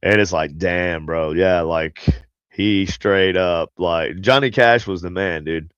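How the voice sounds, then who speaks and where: A man's voice: sits low, slow, fairly bright tone, clear, resonant tone, no echo, dull audio. A man hosting a paranormal podcast, chatting casually and rambling with many fillers and restarts. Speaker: podcast host. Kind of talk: casual chat.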